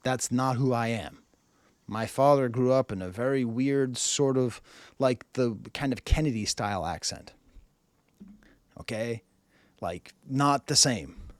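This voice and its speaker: A man's voice: mid-range voice, unhurried, pauses often, no echo. A man from Boston hosting a music review show, talking in a rambling way full of "you know" and "uh". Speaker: music review show host, French professor. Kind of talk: casual video commentary.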